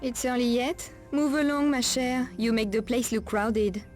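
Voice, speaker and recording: A woman's voice: on the high side, measured pace, a little mellow, soft background music, lightly acted. An actress playing a wary streetwise woman of the night streets, with a French accent and French endearments, guarded and cautioning.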